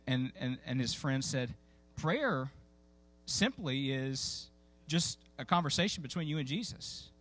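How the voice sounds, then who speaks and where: At a normal pace, a man with a medium-pitched, fairly bright voice delivers a sermon in a church sanctuary. The pastor's storytelling is folksy and casual, packed with fillers and restarted sentences.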